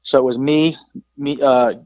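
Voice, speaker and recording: A man's voice: mid-range voice, unhurried, no room sound. A man in his forties, a podcast guest, telling stories casually and with energy, slipping into other people's voices as he retells them. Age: 40s. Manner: animated, acts out quoted people in a raised voice. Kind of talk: casual storytelling. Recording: dull lo-fi podcast audio.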